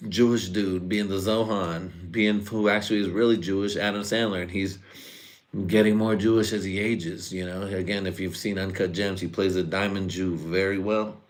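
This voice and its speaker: A man's voice: low voice, steady tone, normal speed. A man rambling through a profane live-stream comedy monologue, slipping into mock voices and laughing at his own jokes.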